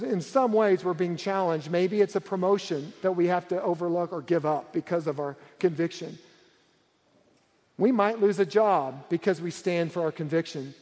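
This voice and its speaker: Guy preaching in a big echoey church, high voice, earnest and emphatic. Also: darkish tone. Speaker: pastor. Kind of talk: sermon. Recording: reverberant hall.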